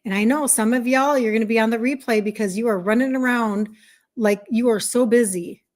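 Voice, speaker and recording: On a casual livestream, a middle-aged woman working as a health coach greets her audience and reads their comments out loud with upbeat enthusiasm. She speaks a little fast, in a voice on the high side.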